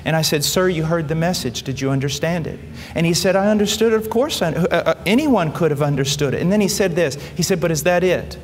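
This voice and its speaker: A man's voice: on the high side, quick pace. Guy preaching and telling a story, acts out the voices, faint noise in an echoey hall. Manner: quotes others in lively acted voices, rising excitement. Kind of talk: sermon storytelling.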